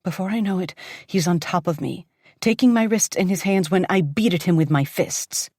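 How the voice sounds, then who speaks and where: A woman narrating a dark romance audiobook in the first person, intense and dramatic, often dropping to a whisper. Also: fairly low pitch, moderate pace, no echo, studio quality.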